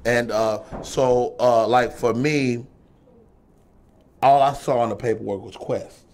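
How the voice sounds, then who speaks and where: A man's voice: mid-range voice, fairly even intonation, takes it slowly, darkish tone. A middle-aged man hosting a talk show, chatting casually and acting out the voices of people in his stories. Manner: storytelling, acts out quoted voices. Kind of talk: casual chat.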